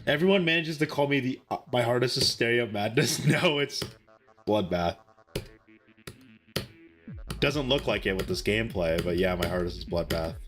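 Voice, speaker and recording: Young man, game streamer, joking and defensive, average pitch, faint music behind. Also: normal speed, long pauses, fairly bright tone. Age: young adult. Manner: defensive, joking replies to chat. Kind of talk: casual live-stream chat.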